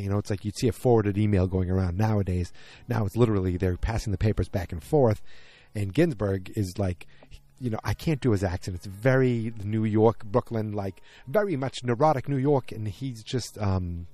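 A man's voice: on the low side, normal speed, warm tone, dry recording. A man casually recapping a TV episode, rambling, correcting himself and acting out the characters' lines. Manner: rambling, self-correcting, acts out quotes. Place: outdoors.

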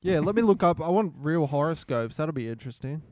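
Man, comedy podcast co-host, fairly high voice, dry close sound over a video call. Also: expressive, a little fast, darkish tone, dry recording. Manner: laid-back, laughing, swearing banter. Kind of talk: casual comedy chat.

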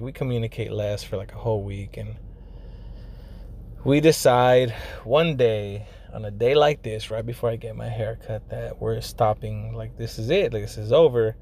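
A man's voice: medium pitch, a little mellow. Slangy young man telling a story. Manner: profane, slangy, heavy on fillers like "like" and "you know"; drops Spanish phrases into English. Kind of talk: casual personal storytelling.

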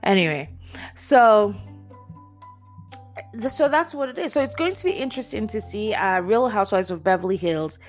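A woman's voice: medium pitch, moderate pace, pauses often, soft background music. A woman chatting casually as she recaps a reality TV show, acting out what people said and laughing often. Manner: animated storyteller, acts out quotes, laughs often. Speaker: reality TV commentator.

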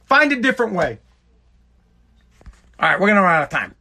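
A man's voice: high-pitched, big pitch swings, brisk, gravelly, pushed and bright. A man hosting a podcast, giving a heated, profane, emphatic rant. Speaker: podcast host.

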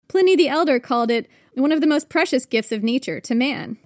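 High-voiced woman podcast host, playful. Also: lively intonation, brisk, a little mellow, no room sound, clean studio sound. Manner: playful, chatty, thinks aloud. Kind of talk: casual history storytelling.

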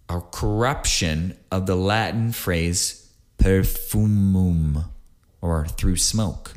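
A man with a very low voice talks through a solo podcast episode. He rambles in a friendly, offhand way, cracks small jokes, and leans on filler words as he explains. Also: darkish tone. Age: adult, married. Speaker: podcast host.

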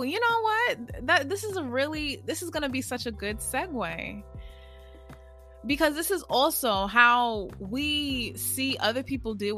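Breathless, energetic woman podcaster. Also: fairly high pitch. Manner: energetic, exuberant, slangy, laughs often. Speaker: podcast host and spiritual healer. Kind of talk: casual solo podcast monologue.

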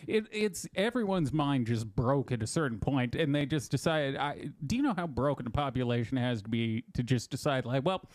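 Man, podcast co-host, blunt, crude, casual banter, mid pitch, dry close mic. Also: expressive, moderate pace, hardly any pauses, darkish tone, dry recording. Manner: blunt, crude, laughs often while reading news.

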